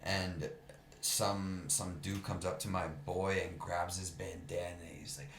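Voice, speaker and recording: A man's voice: low-pitched, little pitch movement, measured pace, fairly bright tone. A man casually telling a rowdy story on a podcast, laid-back and swearing often. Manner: laid-back, swears often, quotes others in his own voice. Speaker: podcast guest, rapper. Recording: echoey room, faint background noise.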